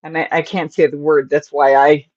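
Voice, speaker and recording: A woman with a low-pitched, darkish voice hosts a casual crochet livestream, chatting to viewers and muttering to herself as she crochets. She seems distracted, apologizes often and yawns. The sound is lo-fi with no room sound.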